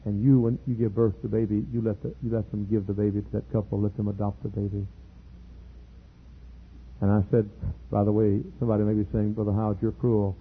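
Gravelly middle-aged preacher on tinny tape. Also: male voice, on the low side, level tone, brisk. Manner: earnest, builds to loud emphatic peaks, repeats words. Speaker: pastor. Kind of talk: sermon storytelling.

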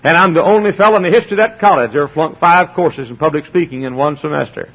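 A middle-aged pastor, preaching emphatically and acting out little dialogues. His voice sits a bit high and sounds husky. The recording is dull and lo-fi. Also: fast talker. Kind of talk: sermon.

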